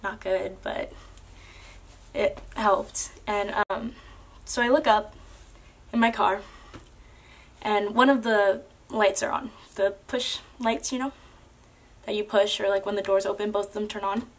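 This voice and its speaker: A woman's voice: mid-range voice, fairly even intonation, measured pace. A young woman earnestly telling a personal story to camera, casual and full of "like" and "um". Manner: earnest, with many fillers like "like" and "um".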